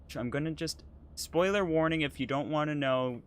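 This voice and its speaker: A man's voice: on the high side, moderate pace, clear, resonant tone. A man co-hosting a casual chat while playing a game, hesitant and apologetic, with lots of ums. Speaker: podcast co-host playing a driving game.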